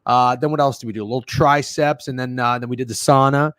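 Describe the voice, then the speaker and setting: Profane, rambling sports-betting stream host. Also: male voice, mid-range voice, steady tone, fast talker, no room sound. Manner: rambling, profane and joking, with sudden loud outbursts. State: sore throat, coughing. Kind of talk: casual livestream chat reading viewer messages. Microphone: close studio microphone.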